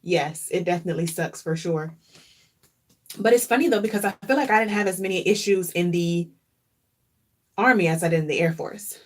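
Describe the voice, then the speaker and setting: A woman's voice: lowish voice, a little fast, pauses often. A woman vlogger talking casually and earnestly, openly emotional and reflective, often repeating phrases for emphasis. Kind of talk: casual chat.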